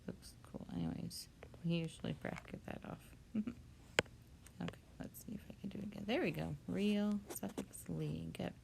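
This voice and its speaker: Patient woman teaching spelling, gravelly voice. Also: fairly low pitch, normal speed, noisy background. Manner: steady, patient, counting out syllables. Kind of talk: spelling lesson.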